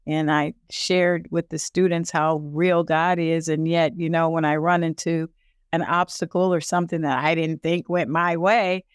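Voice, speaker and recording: A woman's voice: deep voice, fairly even intonation, measured pace, clean tone, no echo, clean studio sound. An older woman, a league founder and podcast guest, telling a personal story earnestly, with many fillers, acting out her own past words. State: tearful at times. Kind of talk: interview storytelling.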